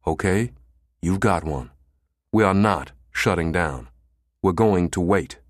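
A man voicing a calm, composed male intelligence director. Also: deep voice, no room sound, studio quality. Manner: measured, calm.

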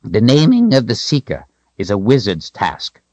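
An old storybook wizard with a thin, bony frame, proud and cryptic, his voice lifted well above the narrator's own as a man puts him on. He swings between ringing proclamations and sly, lowered asides, with a dry, close, slightly muffled sound. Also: sing-song, a little slow, no echo. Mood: wry, knowing. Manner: high, ringing proclamations, then wry, secretive asides.

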